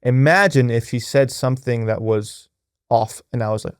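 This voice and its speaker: A man's voice: normal speed, clear, resonant tone, no room sound, clean studio sound. A young adult man hosting a podcast, earnest talk on relationships and spirituality with many restarts and "right?" tags. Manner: acts out quoted voices in a raised pitch. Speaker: podcast host.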